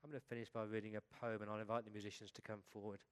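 A middle-aged man, a pastor, preaching a sermon in an earnest way, often dropping his voice softly at the ends of his points. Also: on the low side, level tone, racing.

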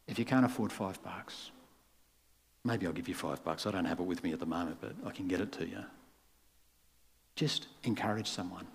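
A man's voice: on the low side, breathy edge. A man, a pastor giving a conversational sermon and acting out the voices in his story. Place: church.

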